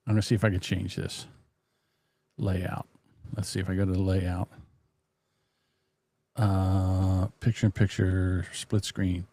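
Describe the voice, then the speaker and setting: A man's voice: sits low, little pitch movement, measured pace, long pauses, dry recording. Guy live streaming from his desk, talking to himself, swears a lot, dry close sound. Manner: muttering to himself while fiddling with software; blunt, profane, mocking. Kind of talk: casual live stream chat. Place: home desk. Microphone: desk microphone.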